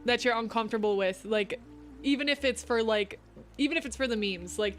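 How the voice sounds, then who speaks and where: A woman's voice: a little high, fairly quick, fairly bright tone, soft background music. A young woman streamer chatting casually, filling her talk with "like.". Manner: chatty, says "like" a lot. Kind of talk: casual chat.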